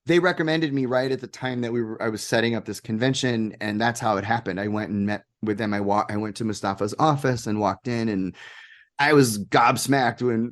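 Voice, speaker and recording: A man's voice: mid-range voice, brisk. A man telling enthusiastic anecdotes as a guest in a casual interview, full of fillers and restarts. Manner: excited, animated anecdotes with frequent fillers. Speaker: guest, game producer.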